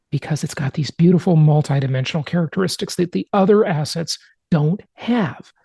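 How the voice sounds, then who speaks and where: A man's voice: high-pitched, darkish tone, breathy edge, dry recording, clean studio sound. Emphatic man hosting a podcast. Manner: emphatic, persuasive, mocking of critics. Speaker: podcast host. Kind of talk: solo podcast monologue with slides.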